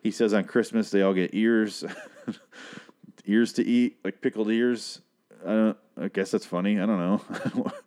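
Guy with a lowish voice doing a sweary rambling show recap, sarcastic. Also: a little mellow. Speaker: TV episode recap podcaster.

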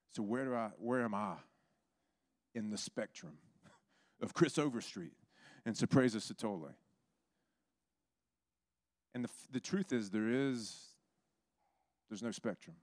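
A man who pastors a church, telling stories in a sermon, lively and acting out the people in them. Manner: animated, acts out others with big pitch jumps. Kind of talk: sermon storytelling.

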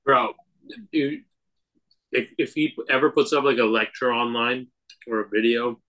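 A man's voice: mid-range voice, fairly even intonation, measured pace, a bit bright, low-quality recording. A man co-hosting a podcast in casual chat, blunt and emphatic, swearing as he talks. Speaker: podcast co-host.

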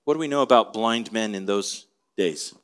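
A man's voice: lowish voice, normal speed, fairly bright tone, clear, resonant tone. Conversational male pastor teaching. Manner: conversational, asks the listeners questions. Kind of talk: expository sermon.

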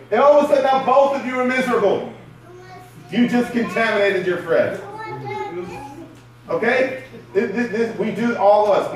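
A man with a high voice preaches a sermon in a loose, conversational way and keeps asking his listeners questions. He is picked up from far off in a strongly echoing church hall. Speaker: pastor.

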